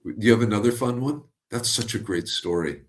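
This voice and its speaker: A man hosts a casual interview, asking questions and reacting with open enthusiasm. His voice sits a little low for a man. His talk is blunt and unpolished, with the odd casual swear. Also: fairly quick. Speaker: interview host.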